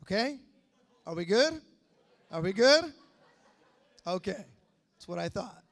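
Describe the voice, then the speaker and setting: A man preaching a sermon in a lively, joking, conversational way. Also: high voice, slow pace, creaky. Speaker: pastor.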